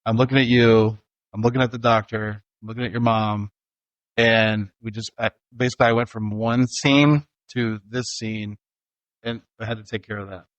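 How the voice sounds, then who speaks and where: Middle-aged father host, low-pitched, laughs easily, dry close mic. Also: level tone, moderate pace, dry recording, muffled recording. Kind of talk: casual family podcast chat.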